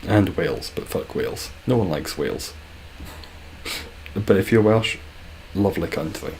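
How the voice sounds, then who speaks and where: A man's voice: sits low, expressive, moderate pace, a little mellow, a little hiss or hum. A young Scottish man streaming, chatting casually with viewers in a dry, joking way, swearing freely. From Scotland.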